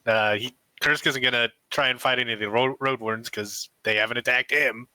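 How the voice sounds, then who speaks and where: A man's voice: medium pitch, steady tone, a little fast, sharp tone, smooth, dry recording, low-quality recording. A man playing a tabletop game, hesitantly describing what his character does. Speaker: player. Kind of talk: casual tabletop game chat.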